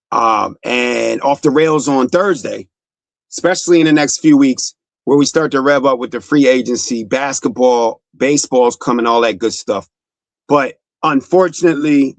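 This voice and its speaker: A man's voice: mid-range voice, no room sound. A young man hosting a sports talk show, delivering a fired-up, profane monologue that speaks straight to the player.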